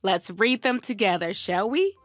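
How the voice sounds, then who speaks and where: A woman's voice: medium pitch, lively intonation, measured pace, soft background music. Encouraging woman teaching kids to read. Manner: encouraging, warm praise and prompts. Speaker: children's reading teacher. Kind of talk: reading lesson for young children.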